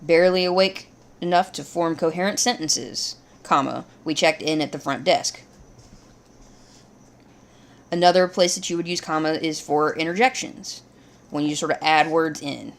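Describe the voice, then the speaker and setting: Low, gravelly woman teaching grammar. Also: normal speed. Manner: steady, explains step by step. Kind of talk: grammar lesson.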